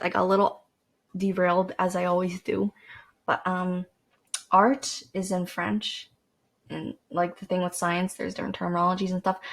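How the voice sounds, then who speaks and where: A woman's voice: mid-range voice, a little mellow. A teenage girl from Canada, rambling casually to camera as a podcast host, with lots of fillers and restarts. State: dry throat.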